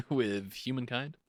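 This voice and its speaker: A man's voice: medium pitch, no room sound, studio quality. A man co-hosting a podcast in casual comedic chat, joking and playful and laughing often. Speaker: podcast co-host.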